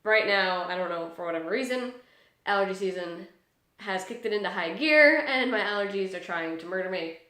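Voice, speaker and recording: A woman's voice: medium pitch, lively intonation, fairly quick, sharp tone, reverberant. A woman, vlogging in a chatty, upbeat way and sounding nasal and congested from allergies. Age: 20s. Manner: chatty and upbeat, rambling asides. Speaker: book vlogger. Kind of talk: casual vlog talk. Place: small room at home.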